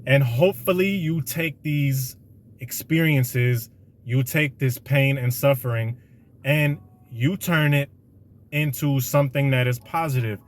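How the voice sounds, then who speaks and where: A man's voice: medium pitch, unhurried, a little hiss or hum. A man hosting a podcast, delivering a slangy, conversational motivational monologue with a preachy edge. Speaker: podcast host.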